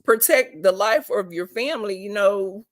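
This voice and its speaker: A woman's voice: mid-range voice, expressive, normal speed, lightly acted. A woman voicing a menacing old male country boss who keeps calling someone "boy". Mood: threatening. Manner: threatening, repeats "boy".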